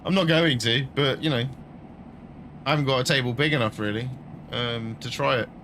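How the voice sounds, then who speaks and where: A man's voice: mid-range voice, normal speed, a bit bright, slight background noise. A middle-aged man chatting casually and jokily while streaming a truck-driving game, laughing often and bantering with his chat.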